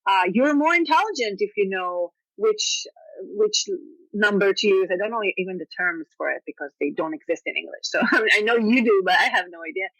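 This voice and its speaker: Lively woman with a bright, dry voice. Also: mid-range voice, fairly quick, dry recording, poor audio. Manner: animated and reflective, laughs often. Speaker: podcast guest. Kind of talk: podcast interview conversation.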